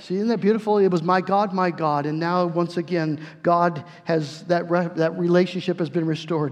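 A man preaching a sermon as pastor, earnest, slowing down and swelling his voice for emphasis, often repeating words. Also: a little high. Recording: long hall reverb.

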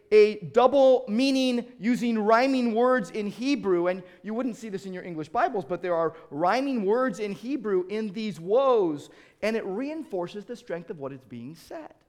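A middle-aged male pastor preaching an animated sermon, acting out quoted voices and often restarting his sentences. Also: high-pitched, normal speed.

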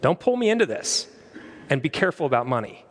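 A pastor preaches with animated energy, restarting phrases as he builds his points. His man's voice sits fairly high, and it rings through a church sanctuary with a long reverb tail. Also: fast talker. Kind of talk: sermon.

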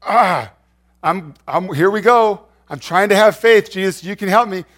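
A man voicing an anxious father who pleads for help for his dying daughter and talks in hurried, halting bits. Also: sits high, a bit bright, pitched above the performer's own voice.

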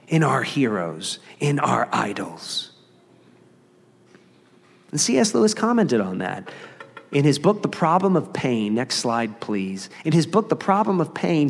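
A man's voice: fairly high pitch, vocal fry, long reverb tail. A man preaching a sermon as pastor, earnest and conversational, with emphasis that rises and falls.

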